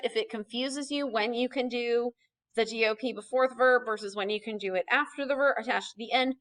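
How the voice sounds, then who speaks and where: A young woman teaching a recorded lesson, explaining patiently step by step and checking in with frequent "okay"s. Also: fairly high pitch. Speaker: Spanish teacher.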